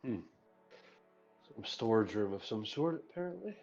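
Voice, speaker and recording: A man's voice: lowish voice, big pitch swings, moderate pace, creaky, a little mellow, soft background music. A man playing in a tabletop game, tossing out joking, wry asides. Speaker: player. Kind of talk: casual tabletop game play. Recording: dull lo-fi recording.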